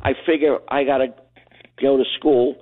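An older man from Brooklyn, calling in to a radio show and telling a rambling, animated story. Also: medium pitch, moderate pace. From Brooklyn, New York. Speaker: caller. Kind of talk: phone-in storytelling. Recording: tinny phone line.

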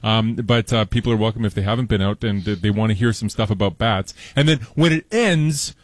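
A man's voice: lowish voice, a little fast, no room sound. A man talking as a science guest on a radio show, chatty and rambling with fillers. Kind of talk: casual radio interview.

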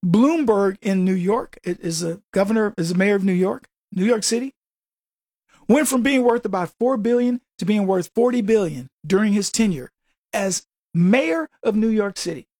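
A man's voice: high-pitched, moderate pace, a little mellow, no echo, studio quality. A man hosting a radio show, delivering a combative political monologue full of rhetorical questions.

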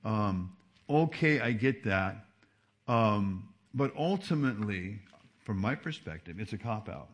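A man preaching a sermon as a pastor, with animated delivery that swings between soft asides and emphatic peaks. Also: lowish voice, measured pace. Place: church service.

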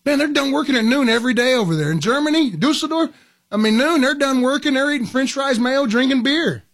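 A man's voice: very high-pitched, lively intonation, fast talker, fairly bright tone. A man co-hosting a casual talk show, joking bluntly and keeping it down-to-earth. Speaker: co-host. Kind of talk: casual banter.

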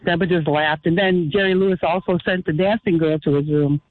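A man calling in to a radio show, telling a story in an earnest, halting way. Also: a little high, steady tone, dry recording. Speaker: caller. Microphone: phone line. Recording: tinny phone line.

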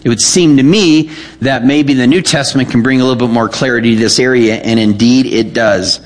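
A man's voice: medium pitch, fairly quick. A man preaching a sermon, reading scripture aloud and checking in with his listeners as he explains it. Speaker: pastor.

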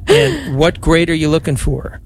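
A man's voice: on the high side, huge pitch swings, moderate pace, a little hiss or hum. An older man, a priest, leading the rosary on the radio and chatting with callers in a folksy, joking way. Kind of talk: leading prayer and taking calls.

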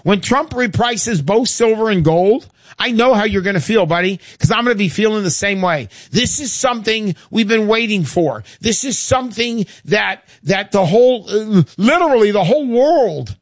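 A man hosting a radio show, pushing a product in a brash, hard-selling voice that swings up and down in pitch. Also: lively intonation, normal speed, no echo, clean studio sound. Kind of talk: pushy sales pitch radio talk.

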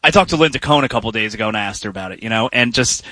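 A man hosts sports radio with a bright, forceful voice. He talks casually and wanders into quick asides. The sound is close and dry, with no room around it. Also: fairly low pitch, expressive, no echo. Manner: conversational, trails into quick asides. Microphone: studio microphone.

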